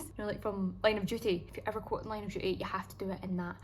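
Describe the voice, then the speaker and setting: A woman's voice: medium pitch, little pitch movement, very fast, hardly any pauses, a little hiss or hum, low-quality recording. A young woman from Scotland with a Scottish accent, chatting casually and upbeat in a travel vlog, full of "like" fillers. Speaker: travel vlogger.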